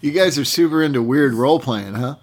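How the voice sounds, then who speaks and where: A man's voice: medium pitch, brisk, breathy edge. A man co-hosting a casual podcast, needling his partner with dry, teasing questions. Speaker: podcast co-host.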